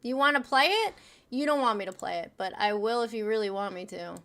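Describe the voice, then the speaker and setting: A woman's voice: a little high, expressive, brisk, a bit bright. A young adult woman hosting a call-in livestream, blunt and mocking, swearing freely. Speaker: livestream host taking calls. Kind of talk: casual call-in livestream chat.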